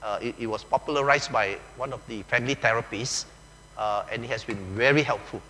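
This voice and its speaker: A man with a Malaysian English accent preaches in a loose, joking, conversational way, peppering his talk with "okay" and "lah". His tone is bright and forceful. The sound carries a long echo from a large church hall, with a faint hum underneath. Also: mid-range voice, fairly quick. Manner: chatty and joking, often says "okay", uses "lah" and "ah". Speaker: pastor. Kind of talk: conversational sermon.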